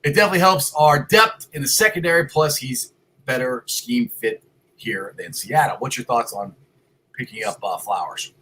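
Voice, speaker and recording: A man hosting a casual sports talk show from a home computer, loud and excitable, rambling with restarts. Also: medium pitch, normal speed, breathy edge, rough recording. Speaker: podcast host. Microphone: computer mic.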